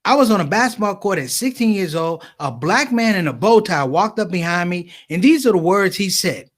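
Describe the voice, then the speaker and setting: Animated high-voiced male comedian. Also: brisk. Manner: animated storytelling, acting out dialogue, repeated phrases. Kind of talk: stand-up comedy at a conference.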